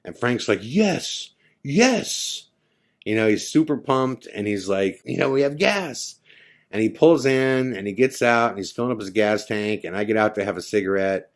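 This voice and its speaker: A man's voice: fairly quick, hardly any pauses. A man hosting a podcast, telling a personal story casually and acting out his friends' lines in quoted dialogue. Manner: drops to a hushed, low tone for the eerie parts. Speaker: podcast host.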